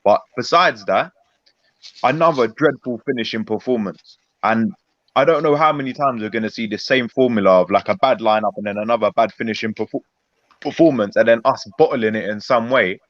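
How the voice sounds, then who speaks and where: A man's voice: mid-range voice, fairly quick, no echo. A man giving an angry, rambling post-match reaction on a football chat stream. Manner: fuming, rambling, emphatic. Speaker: Arsenal fan panelist. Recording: dull lo-fi call audio.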